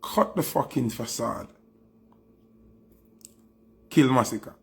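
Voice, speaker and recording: A man's voice: medium pitch, slow, gravelly, husky. A man with a Jamaican accent giving a heated, taunting commentary monologue, mixing patois with English. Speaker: dancehall commentator.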